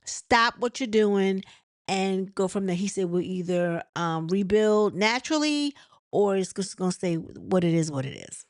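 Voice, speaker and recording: A woman's voice: on the low side, expressive, moderate pace, a little mellow, no room sound, clean studio sound. A woman hosting a casual reality TV recap, chatting and retelling scenes with quoted dialogue and frequent laughs.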